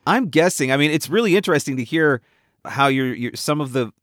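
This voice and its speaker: A man's voice: fairly high pitch, lively intonation, a little fast, a bit bright, no room sound, clean studio sound. A man hosting a casual interview, thinking aloud and checking in with his guest as he asks questions. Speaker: interview host.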